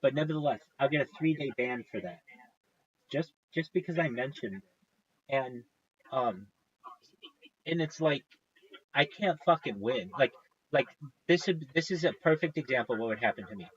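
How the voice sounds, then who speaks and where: A man's voice: medium pitch, expressive, normal speed, long pauses, breathy edge, highs cut off. A man talking casually to his stream viewers as a live streamer, swearing often and getting worked up as he rants. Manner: profane, ranting, worked-up.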